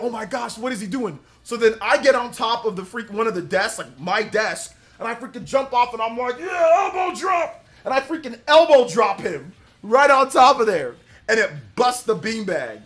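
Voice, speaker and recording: High-voiced young man telling stories on stream. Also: a bit bright. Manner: rambling storyteller, reads out donations. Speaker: livestream host. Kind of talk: casual livestream chat.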